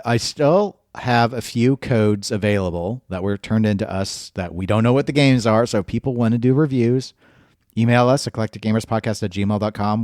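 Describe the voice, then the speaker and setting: A man with a fairly low voice co-hosts a casual gaming podcast, thinking aloud and often restarting his sentences. The sound is dry and close, with no room echo. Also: a little mellow. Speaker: podcast co-host.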